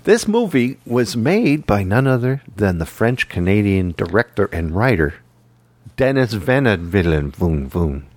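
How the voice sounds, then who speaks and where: A man in his forties with a low voice that swings up and down a lot, co-hosting a casual film chat. His delivery is full of teasing jokes. The sound is dry and close, with no room echo. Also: lively intonation, normal speed, few pauses. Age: 40s. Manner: teasing, joking banter. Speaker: podcast co-host.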